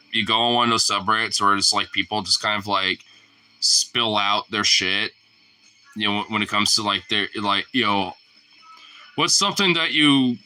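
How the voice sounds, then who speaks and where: A man with a clean tone rambles casually, his speech slangy, profane, and loaded with fillers. He shifts between loud outbursts and low mutters, captured in a rough recording.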